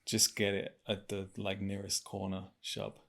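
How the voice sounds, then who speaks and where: A man's voice: deep voice, monotone, unhurried, creaky, a bit bright. A man co-hosting a podcast in casual chat, playful and joking around. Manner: playful, joking, trying out regional accents. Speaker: podcast co-host.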